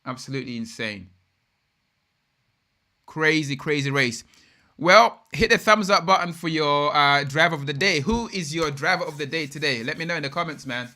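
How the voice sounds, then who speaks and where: During a live watch-along of a race, a young man from the United Kingdom gives excitable, slangy reactions at a normal pace. Between them he chats directly with viewers, his voice sitting a bit high with a bright, forward quality.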